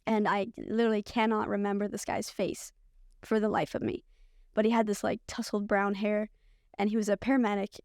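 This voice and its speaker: A woman's voice: mid-range voice, creaky, no echo, studio quality. A woman, a podcast guest, telling her own story candidly and loosely, with a lot of "like" fillers. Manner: candid, rambling, frequent "like" fillers. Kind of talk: personal storytelling.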